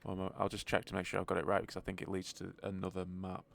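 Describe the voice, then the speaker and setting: A man running a tabletop game as game master, with relaxed fillers and chuckles. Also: deep voice, rapid-fire, gravelly.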